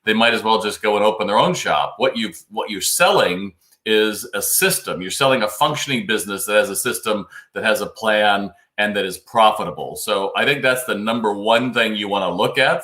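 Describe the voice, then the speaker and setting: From a home studio in New York, a male host with a fairly low, pushed, bright voice runs a live retail Q&A stream at a moderate pace. Chatty and advisory, he reads out viewer comments and answers questions casually, and the sound is roomy.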